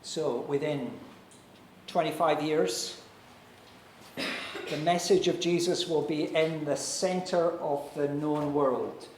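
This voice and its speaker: A man preaching a sermon as pastor, earnest and persuasive, with dramatic pauses. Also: on the high side, steady tone, slight background noise. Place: church hall. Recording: echoey church hall.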